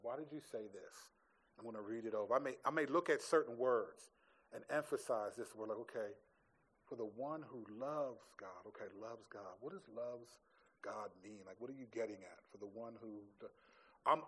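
A man's voice: mid-range voice, a bit bright. A man speaking as a pastor in a church question-and-answer session, thinking aloud and often restarting his sentences.

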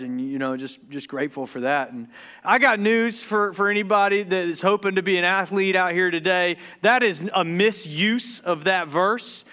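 A young man from the Deep South preaches to his congregation, mixing jokes into the sermon. His voice sits high and sounds smooth and clear. He gets excited and trips over his words, then restarts. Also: normal speed. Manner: joking, excitable, stumbles and restarts when excited. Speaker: pastor.

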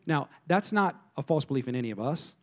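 A male pastor in his thirties preaching a sermon in a somewhat high voice. He is emphatic and repeats key lines. He often turns to the audience with questions. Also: animated, a little fast.

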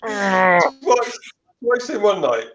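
A man voicing a shrill, teasing male chat viewer in a high, strained cry, half away from the mic. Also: huge pitch swings, very slow, fairly bright tone, lo-fi sound, exaggerated voice. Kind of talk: reading out chat comments in a put-on voice.

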